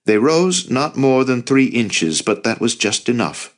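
A man narrating an audiobook in a measured storytelling manner. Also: medium pitch, very animated. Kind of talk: scripted narration.

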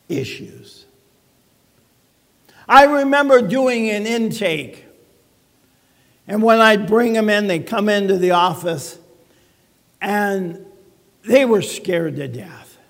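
A man's voice: sits high, in a large hall. A man preaching a sermon as pastor, in a conversational way with frequent rhetorical questions. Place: church sanctuary.

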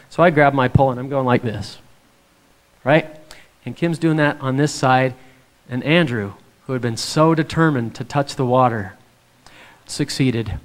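Man telling a lively devotional story. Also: mid-range voice, clear, resonant tone. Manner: animated storytelling, acts out quotes. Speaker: speaker. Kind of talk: devotional talk with a personal story.

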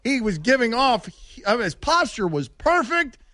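A man's voice: extremely high pitch, very animated, unhurried, bright, forceful tone, no echo. A man hosting a studio talk show, teasing co-hosts and laughing often in casual chat. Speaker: show host.

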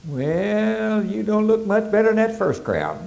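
Preacher guy, gravelly voice, kinda high pitched, chuckles at his own jokes. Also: big pitch swings, unhurried, a little mellow. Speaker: pastor. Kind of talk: sermon with a folksy joke. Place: church.

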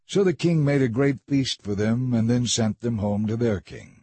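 A man reading a scripture story aloud in a measured, even narrating manner. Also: mid-range voice, slightly rough, no echo. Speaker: audiobook reader.

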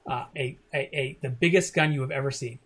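A man's voice: mid-range voice, brisk, a bit bright, slightly rough. A man narrating a tabletop game as game master, rambling with many restarts.

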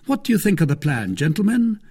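A man's voice: fairly high pitch, sing-song, fairly quick, dark tone, husky, voice pushed up. A man voicing an elegant young musketeer poet who speaks in a polished, formal way.

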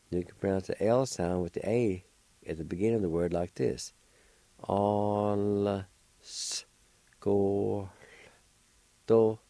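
A man hosting a language lesson on radio, slowly spelling words letter by letter and pronouncing them with patient encouragement. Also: fairly low pitch, mellow, no echo. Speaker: language radio show host. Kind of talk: slow spelling and pronunciation lesson.

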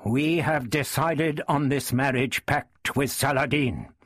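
A man's voice: a little high, big pitch swings, slow pace, husky, dry recording, clean studio sound, pitched above the performer's own voice, exaggerated voice. A man voicing a proud medieval king who speaks in a clipped, formal, commanding way. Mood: clipped stern.

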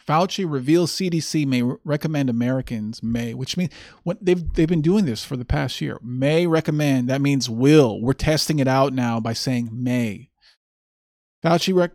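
This streamer host has a fairly high, darkish-toned voice, and he rants in a sarcastic, mocking way about a clip he just played during casual solo commentary. The studio-quality recording carries no room sound.

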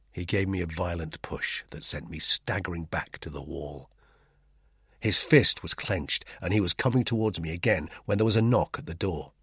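A man narrating a first-person novel in a tense, lively way, recorded in a dry studio. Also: sits low, moderate pace, husky, no room sound. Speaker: audiobook narrator.

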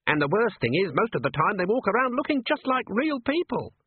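A man's voice: high-pitched, sing-song, a little fast, husky, no room sound, voice pushed up, full character voice. A man reading a story, voicing a young female dwarf who talks earnestly and anxiously. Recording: tinny phone-like recording.

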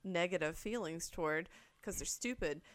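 A woman with a lowish voice talks at normal speed as co-host of a casual podcast. She walks through her view at length in a chatty way, filling it with fillers and the occasional curse.

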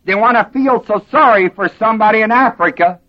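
A man's voice: high voice, fairly quick, lo-fi sound. A man preaching a sermon to a class, emphatic and asking them questions. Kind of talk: sermon teaching.

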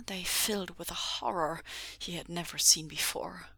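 Breathy half-whispering woman reader. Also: on the low side, normal speed, sharp tone, no room sound. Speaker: podfic reader. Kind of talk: audiobook narration.

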